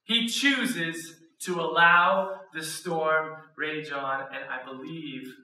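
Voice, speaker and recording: Man, student pastor, high voice, very bright tone, lively sermon, echoey hall. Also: slow. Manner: animated storyteller, acts out quotes, laughs often. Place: church auditorium. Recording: echoey hall, mic at a distance.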